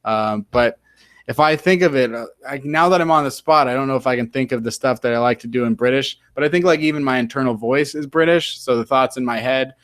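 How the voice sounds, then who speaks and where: A man's voice: mid-range voice, fairly quick, a bit bright, no room sound. An American man hosting a casual sports podcast, rambling and full of fillers. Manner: rambling, filler-heavy, fond of mock British slang. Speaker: podcast host.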